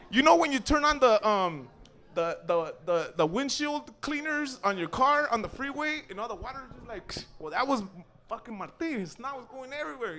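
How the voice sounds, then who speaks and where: Animated, profane man telling a comic story. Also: extremely high pitch. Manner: profane, animated, acts out voices and shouts. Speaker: open mic storyteller. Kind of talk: comic storytelling at an open mic. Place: small cafe open mic stage.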